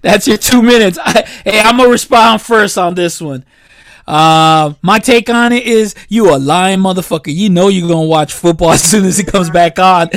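A man's voice: high voice, moderate pace, no room sound. A man hosting a casual talk show, teasing his guests with profane jokes and easy laughs. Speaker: host. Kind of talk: casual chat, hosting segments.

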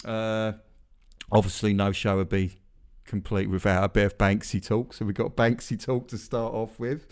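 A man's voice: on the low side, flat delivery, normal speed, a little mellow. A man hosting a podcast, chatting casually in a rambling way with self-deprecating asides. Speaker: podcast host. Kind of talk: casual chat.

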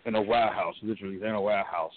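Fast-talking man on a phone line. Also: lowish voice, fairly even intonation. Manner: earnest, measured storytelling. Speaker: guest wrestler and coach. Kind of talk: phone-in interview. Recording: tinny phone line with hiss.

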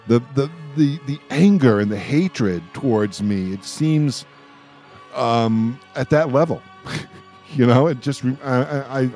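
A man hosting a talk show, asking questions in a halting, stammering way. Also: lowish voice, mellow. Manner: halting, stammering, laughs between thoughts. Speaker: radio host. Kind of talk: casual political talk.

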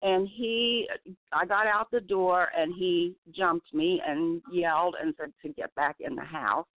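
A woman giving an emotional personal testimony by phone, halting and often restarting her sentences. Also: lowish voice, no echo. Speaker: testimony guest. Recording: dry tinny phone line.

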